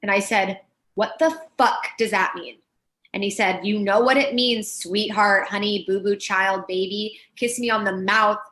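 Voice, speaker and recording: A woman playing a blunt, scheming wife who accuses her husband, in a brash, deadpan improvised comedy. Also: mid-range voice, measured pace, lightly acted.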